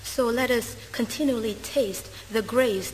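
Woman, English speaker, sermon interpreter, fairly high voice, halting with fillers, reverberant hall. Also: darkish tone, slight background noise. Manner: hesitant, many uh fillers and self-corrections. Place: church hall. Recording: reverberant hall, faint ambience.

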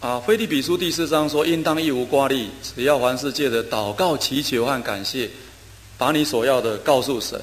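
A man preaching a sermon in short phrases, pausing for an interpreter, with steady delivery and frequent filler sounds. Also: mid-range voice, slight background noise. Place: church hall. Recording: reverberant hall, faint ambience.

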